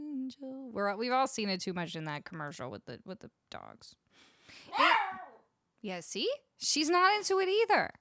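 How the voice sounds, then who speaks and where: Woman, Canadian accent, fairly high voice, bouncy lively intonation, dry close studio mic, casual stream chat. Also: no echo. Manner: chatty, thanks viewers, coos at her dog. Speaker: musician livestreamer. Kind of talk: casual livestream chat between songs. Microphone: studio vocal mic close up.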